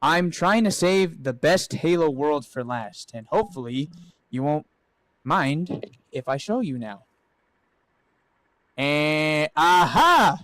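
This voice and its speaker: Male streamer, slightly high voice, playful and jokey, casual stream chat. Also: lively intonation, slow pace, pauses often, a bit bright, no echo, poor audio. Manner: playful, joking, swears freely. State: out of breath. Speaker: VTuber streamer.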